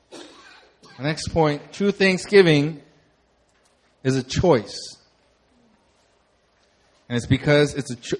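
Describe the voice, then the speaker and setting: A young adult man preaching a sermon, talking conversationally, with animated storytelling and laughter. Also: fairly high pitch. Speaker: pastor.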